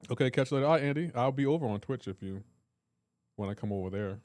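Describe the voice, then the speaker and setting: A man's voice: medium pitch, animated, quick pace, a little mellow, dry recording. A man hosting a live game stream, joking around in casual chat and answering his viewers' comments aloud.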